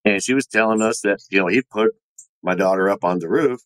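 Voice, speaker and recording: Man, low voice, casual rambling storyteller, animated, dry close sound. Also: a little fast, dry recording, poor audio. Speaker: podcast guest, former Army Ranger. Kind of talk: casual storytelling of personal ghost stories.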